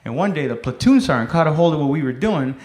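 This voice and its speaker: A man's voice: a little high, lively intonation, quick pace, darkish tone. A man doing stand-up comedy on a club stage, telling self-deprecating, profane stories in a loose, conversational way. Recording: roomy club with noisy audience.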